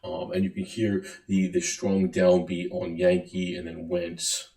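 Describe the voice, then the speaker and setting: A man giving a relaxed music lecture, counting and singing beats aloud between many fillers. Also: low voice, a little slow, creaky. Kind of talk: recorded lecture. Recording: echoey room.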